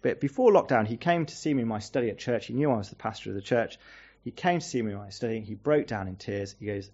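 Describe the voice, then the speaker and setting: A man's voice: lowish voice, lively intonation, fast talker, a little mellow, highs cut off. A man preaching a sermon as a visiting pastor, earnest and asking the congregation rhetorical questions.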